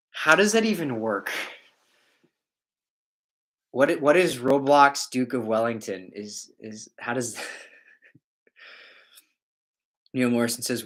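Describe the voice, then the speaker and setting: A man's voice: mid-range voice, a bit bright. A man hosting a casual livestream, reading out viewer comments and rambling in a joking way, often breaking into laughs.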